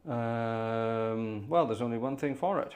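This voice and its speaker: This organ music livestream host talks slowly in a medium-pitched, darkish voice. It's casual live-stream chat as he describes his troubleshooting aloud, with irritated muttered remarks.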